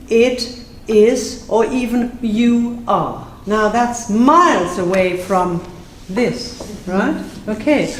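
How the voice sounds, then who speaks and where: A woman teaching a live class, playful and self-mocking, drilling phrases slowly and then fast. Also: a little high, a little hiss or hum. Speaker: Spanish teacher. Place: classroom with audience. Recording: echoey room with faint ambience.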